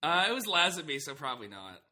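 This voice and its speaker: A man's voice: on the high side, very animated, quick pace, sharp tone. A man co-hosting a podcast, chatting casually and animatedly, rambling with restarts and laughing. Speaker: podcast co-host. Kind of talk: casual chat.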